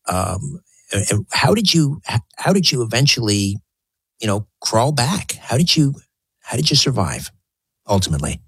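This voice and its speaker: A man's voice: mid-range voice, big pitch swings, moderate pace, creaky, fairly bright tone, husky, no echo. A male radio talk host asking hesitant, stumbling questions in an interview.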